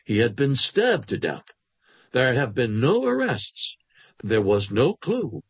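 A man voicing a calm male physician who questions his patient in a measured, quietly insistent way, with a husky voice. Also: mid-range voice, dry recording, heavily acted. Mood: probing.

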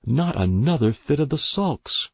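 A man reading a storybook voices a scolding middle-aged mother in a sharp, nagging tone, pitched well above his own voice. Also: very animated, a little slow, gravelly, slightly rough, no room sound, muffled recording, exaggerated voice.

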